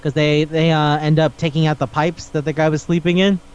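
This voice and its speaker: A man's voice: on the high side, flat delivery, brisk, darkish tone, smooth, highs cut off. A man hosting a podcast in casual chat, retelling stories animatedly and acting out the characters' lines. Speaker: podcast host.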